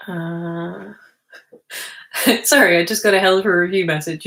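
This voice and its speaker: A woman's voice: mid-range voice, unhurried, creaky, pauses often. A woman hosting a livestream, chatting casually and reading chat messages aloud. She is self-deprecating and laughs often. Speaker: livestream host answering chat. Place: indoor room, sitting on the floor. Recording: roomy echo.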